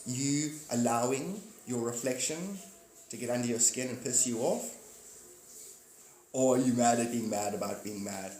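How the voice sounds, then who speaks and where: A man's voice: medium pitch, normal speed, mellow, slight background noise. A man hosting a casual live stream, rambling, joking and greeting his viewers by name. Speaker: livestream host. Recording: echoey room with faint ambience.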